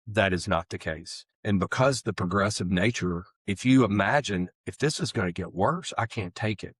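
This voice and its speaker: A middle-aged man with a low voice tells his own recovery story in an interview. He talks earnestly and grows animated when he acts out the excuses he used to make. The recording is dry and close. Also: no room sound. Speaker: guest sharing recovery story.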